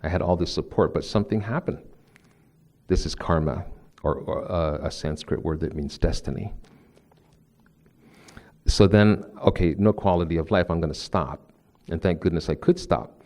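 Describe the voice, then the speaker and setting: A man's voice: deep voice, normal speed, pauses often, a little mellow. A man from New Jersey giving a live spiritual talk from a podium, telling personal stories in a conversational way with frequent restarts. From New Jersey, USA. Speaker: spiritual speaker. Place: lecture room with podium.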